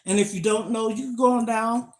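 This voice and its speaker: Working out as she livestreams, an older lifestyle vlogger talks into a phone with emphatic, motivational energy in a casual chat. She speaks fairly quickly, her fairly high-pitched voice keeping a fairly even intonation.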